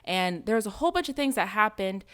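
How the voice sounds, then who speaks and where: A woman's voice: mid-range voice, sing-song, quick pace, fairly bright tone. A young woman co-hosting a movie review chat, telling a rambling story with frequent laughs and lots of "like" and "dude". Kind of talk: casual chat.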